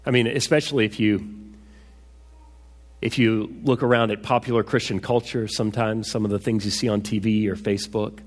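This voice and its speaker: A man's voice: fairly low pitch, fairly even intonation, a little fast. A man preaching a sermon as a pastor, conversational and asking rhetorical questions. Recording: echoey hall reverb.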